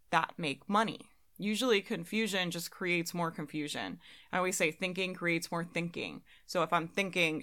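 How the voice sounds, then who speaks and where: A woman's voice: on the low side, measured pace, fairly bright tone. A young adult woman talking casually as a business coach, laughing now and then at her own examples. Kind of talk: casual monologue.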